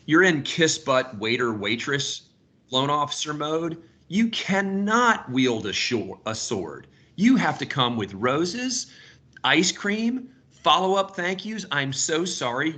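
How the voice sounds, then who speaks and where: Man, 50s, sales coach, bright forceful voice, storytelling, casual swearing. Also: medium pitch. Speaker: sales coach leading a team call. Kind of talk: casual group video call.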